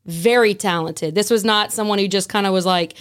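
Animated woman telling a story. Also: medium pitch, fairly quick. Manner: animated, acts out dialogue in her story. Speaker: guest, former prison staff. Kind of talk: casual podcast storytelling.

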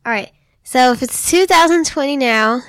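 A woman's voice: high voice, normal speed. A young woman co-hosting with her mother, sarcastic and playful in casual chat. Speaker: co-host, daughter.

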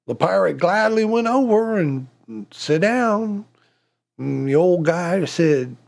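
A man telling folksy jokes in a drawn-out, deliberate storytelling manner. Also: high-pitched, lively intonation, vocal fry. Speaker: joke teller.

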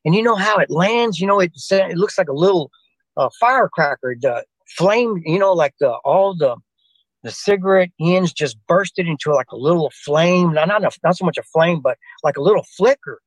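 Rambling older man telling a story, high-pitched. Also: expressive, moderate pace, no echo, rough recording. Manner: digressive, restarts often, addresses the host by name. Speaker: guest telling a personal story. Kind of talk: rambling spoken anecdote.

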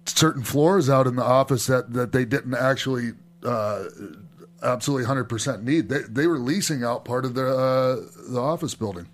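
A man's voice: medium pitch, moderate pace. A man co-hosting a casual chat, chiming in often and agreeing. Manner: chatty, agreeable interjections.

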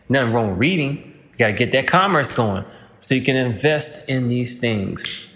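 A man's voice: medium pitch, fairly bright tone, big-room sound. A man hosting a podcast, talking alone in a loose, rambling, slangy way that sometimes breaks into playful rhymes. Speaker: podcast host. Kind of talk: casual monologue.

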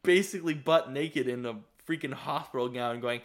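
A man's voice: medium pitch, moderate pace, few pauses. A young man co-hosting a podcast, rambling through a casual chat with lots of restarts and laughs. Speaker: podcast co-host.

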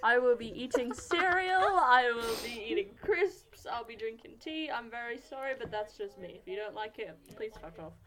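A woman's voice: on the high side, lively intonation, moderate pace, few pauses, a bit bright. A teenage girl with an English accent co-hosting a podcast over a video call, blunt and teasing, swearing freely. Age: teens. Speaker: podcast co-host. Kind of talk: casual chat.

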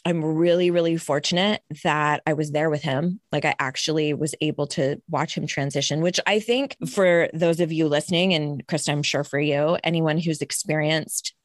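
Low-voiced woman, dry close sound. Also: fairly even intonation, moderate pace, hardly any pauses, no echo. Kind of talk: casual podcast chat.

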